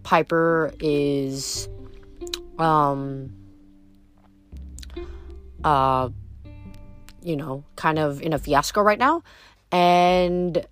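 A woman with a slightly low voice reads a novel aloud in an unhurried way. She stumbles now and then and restarts words. Soft music plays faintly behind her. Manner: unhurried, with small slips and restarts. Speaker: reader.

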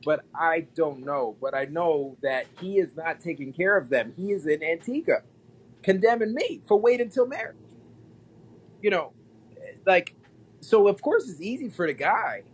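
Podcast guest, male, animated and chatty, leans on repetition and laughter. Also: a little high, moderate pace, slightly rough, poor audio. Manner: animated, repeats himself, laughs often. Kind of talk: casual storytelling chat.

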